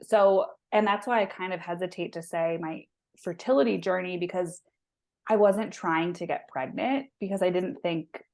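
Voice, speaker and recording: Woman, thirties, low-pitched, chatty, emotional, many restarts, interview guest. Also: moderate pace, creaky, darkish tone. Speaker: guest, holistic health practitioner. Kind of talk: casual interview storytelling.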